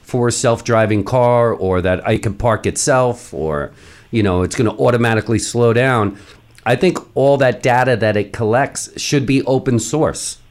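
A man's voice: medium pitch, moderate pace. A man hosting a podcast, giving his opinions in a conversational way. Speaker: podcast host. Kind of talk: casual interview talk.

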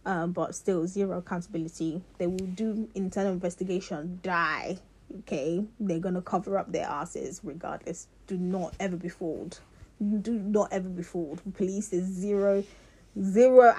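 Husky young woman, casual heated rant, rambling restarts, mid-pitched. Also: darkish tone. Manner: passionate, rambling, many restarts. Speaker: vlogger.

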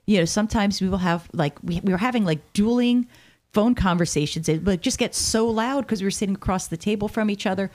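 A woman co-hosting a real estate talk show, telling a relaxed, chatty story. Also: medium pitch, fairly quick. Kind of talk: casual chat.

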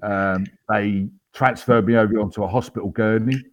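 A man in his fifties speaks in a somewhat low voice. He tells his story in a casual, unpolished way, full of ums and restarts, with an understated, wry humour. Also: steady tone, normal speed. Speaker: interview guest, army veteran.

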